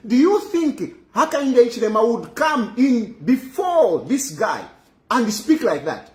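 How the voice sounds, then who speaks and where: A man's voice: very high voice, reverberant. A man giving emphatic, repetitive political commentary, mixing in local phrases.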